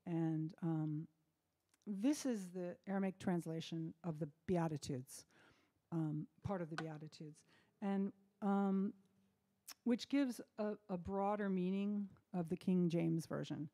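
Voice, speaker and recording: Mellow-voiced woman chatting between songs. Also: lowish voice, slow. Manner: relaxed, chatty, many ums and restarts. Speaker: singer-songwriter hosting a live stream. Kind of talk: casual chat between songs. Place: home by the fireside.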